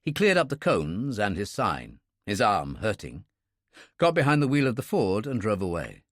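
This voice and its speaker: A man narrating a thriller audiobook in a steady, expressive reading. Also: lowish voice, moderate pace, no room sound, studio quality. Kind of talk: scripted narration.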